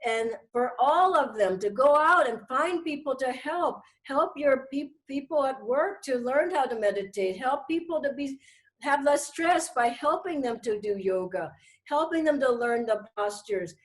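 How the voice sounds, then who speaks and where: A middle-aged woman giving a gentle, earnest spiritual talk to her followers, slowing down to stress key words. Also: sits high, lively intonation, poor audio. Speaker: spiritual teacher.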